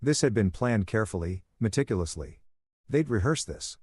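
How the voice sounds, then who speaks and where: Male narrator, low, soothing voice, dry close-miked read. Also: moderate pace, husky, no room sound. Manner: calm, soothing reading. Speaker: story narrator. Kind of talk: first-person story narration.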